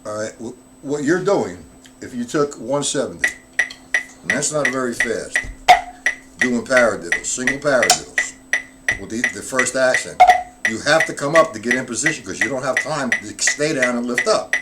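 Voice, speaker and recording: A man's voice: medium pitch, expressive, moderate pace, very noisy. Man counting beats while teaching drums. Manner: explains step by step, counting beats aloud; answers viewers' chat comments directly. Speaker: drum teacher. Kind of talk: live-stream drum lesson.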